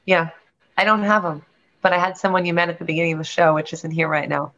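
A woman's voice: on the low side, flat delivery, fast, fairly bright tone. A woman, a realtor and guest on a show, telling a candid personal story in an earnest, rambling way with frequent restarts. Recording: lo-fi dull sound.

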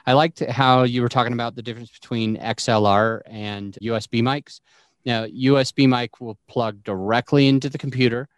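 A man's voice: medium pitch, steady tone, moderate pace, dry recording. A man hosting a podcast over a remote call, chatting casually and laughing often as he explains recording gear. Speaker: podcast host. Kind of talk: casual chat.

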